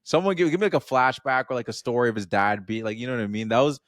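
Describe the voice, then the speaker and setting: A man co-hosting a podcast, chatting casually about a film in a rambling, animated way and acting out little quotes. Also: medium pitch, very fast, no room sound, studio quality. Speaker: podcast co-host. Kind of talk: casual film review chat.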